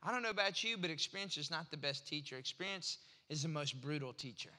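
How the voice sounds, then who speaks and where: A man's voice: on the high side, quick pace, bright, forceful tone. A man in his forties preaching a sermon in a conversational, storytelling way, acting out little exchanges in his anecdotes. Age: 40s. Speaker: pastor.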